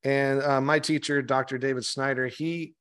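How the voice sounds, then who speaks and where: A man's voice: mid-range voice, flat delivery, normal speed, a bit bright, clean tone. A man guesting on a podcast as a meditation guide, chatting casually, swearing freely and restarting his sentences often. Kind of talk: casual interview chat.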